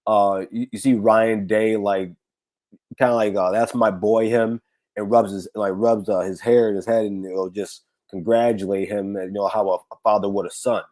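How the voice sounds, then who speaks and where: Hoarse raspy guy doing a sports stream, low mellow voice, lots of uh and restarts. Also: steady tone, moderate pace. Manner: rambling, many fillers and restarts. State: hoarse, recovering from illness. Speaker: podcast host. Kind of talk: casual sports talk livestream.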